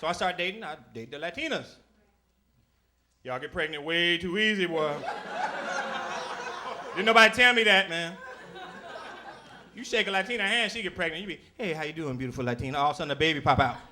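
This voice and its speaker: A man's voice: high voice, a little fast, long pauses, slight background noise. A man doing a stand-up set on a club stage, telling stories and slipping into family voices. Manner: animated storytelling, shifting into voices for family. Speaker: stand-up comedian. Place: comedy club stage with audience. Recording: live club recording with loud audience.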